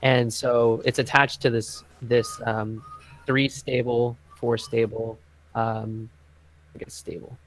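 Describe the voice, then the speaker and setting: A man runs a tabletop game as game master, with a middle-pitched voice. He narrates casually and haltingly, filling his pauses with ums and likes. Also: level tone, a little hiss or hum. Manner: casual, halting, lots of fillers.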